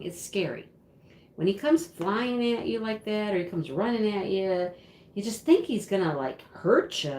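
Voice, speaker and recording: Chatty middle-aged woman host, lively storytelling voice, echoey room at home. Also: medium pitch. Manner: chatty, laughs often, many fillers. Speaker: craft channel host. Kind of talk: casual livestream storytelling.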